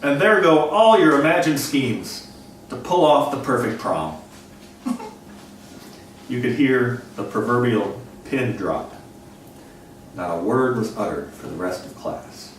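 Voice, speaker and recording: A man's voice: mid-range voice, very animated, takes it slowly, long pauses, a little hiss or hum. Middle-aged man reading wry comic poetry. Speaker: poet reading his work. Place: bookstore reading event. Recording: very echoey room, distant mic, faint ambience.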